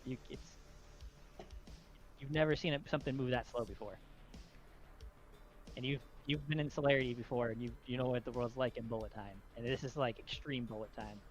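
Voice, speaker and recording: A man narrating a tabletop roleplaying game as game master, halting and restarting often. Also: medium pitch, steady tone. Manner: halting, with many restarts and fillers. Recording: background music under voice.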